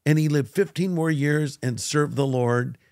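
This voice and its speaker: This older guest pastor speaks with a fairly high pitch and a measured pace, animatedly recounting a personal story in an interview. He gives voice to each person he quotes, and the studio recording is clean and dry.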